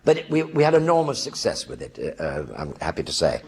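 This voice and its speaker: A man's voice: deep voice, huge pitch swings, fairly quick, creaky, darkish tone. An older actor telling anecdotes in a one-man stage show in front of a live audience, acting out other people's voices as he goes.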